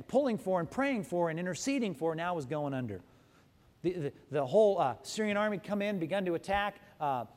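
A pastor with a high voice delivers an animated, emphatic sermon, stopping now and then to correct himself. A long reverb surrounds him, as if he's in a big church hall.

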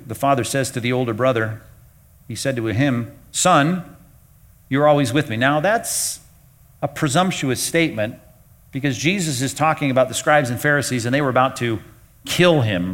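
A man's voice: medium pitch, a bit bright. A man preaching a sermon in an emphatic, rhetorical way, often acting out the thoughts of his listeners. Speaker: pastor.

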